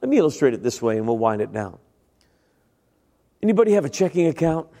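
Very animated and talking fast, a middle-aged man preaches in a warm mid-range voice. He tells his testimony conversationally and speaks right to the congregation, recorded with the long reverb of a large hall.

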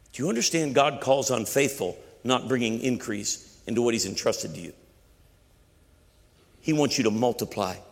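A pastor preaching a sermon with emphatic repetition and shifting voices. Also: male voice, medium pitch. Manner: emphatic preaching, repeats phrases, quotes voices. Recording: long hall reverb.

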